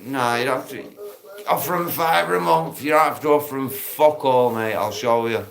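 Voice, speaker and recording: A man hosts a casual live stream from a park, talking straight into his phone. He is blunt and matey, swearing freely as he chats with viewers. His voice sits at an ordinary middle pitch for a man. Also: normal speed, creaky, fairly bright tone. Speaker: livestream host. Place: outdoors in a park.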